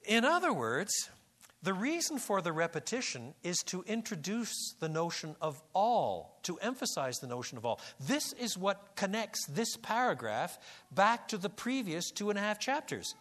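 Man, Bible lecturer, lively swooping pitch, slightly high voice, stammering restarts, emphatic bursts. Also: moderate pace. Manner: animated, repeats words and restarts, rises to emphatic peaks. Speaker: Bible teacher.

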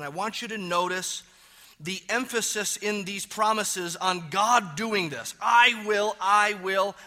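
Delivering a sermon, a man who is a pastor punches certain key words with volume, then sinks to quiet, low-voiced phrases.

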